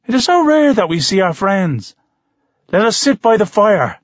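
A man's voice: sits high, very animated, moderate pace, dry recording, highs cut off. A man voicing a cheerful but menacing older bearded druid who speaks in a genial, lecturing way in an audiobook. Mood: genial menace. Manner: genial, lecturing, quietly threatening. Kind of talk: audiobook narration.

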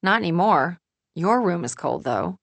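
A woman's voice: lowish voice, lively intonation, moderate pace, gravelly, dry recording. A woman reading an audiobook, voicing a blunt, sardonic young woman with a pointed delivery.

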